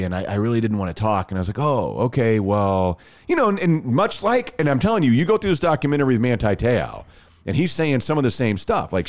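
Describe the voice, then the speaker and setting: A man in his thirties casually telling a personal story on a podcast, acting out the dialogue. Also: medium pitch. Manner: animated, acts out quoted dialogue.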